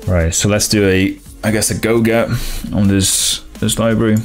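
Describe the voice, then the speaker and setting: Deep-voiced man live-coding and chatting. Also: flat delivery, faint music behind. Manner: thinks aloud, halting restarts, laughs along with chat. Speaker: coding streamer. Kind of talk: casual live-coding stream.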